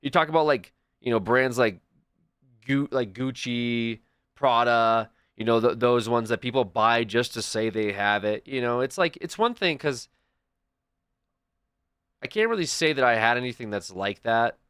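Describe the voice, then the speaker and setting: A man's voice: medium pitch, moderate pace, a bit bright, smooth, no room sound, clean studio sound. A young adult man streaming, chatting casually and rambling through stories with many restarts. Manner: rambling, restarts and storytelling asides. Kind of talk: casual chat to stream viewers.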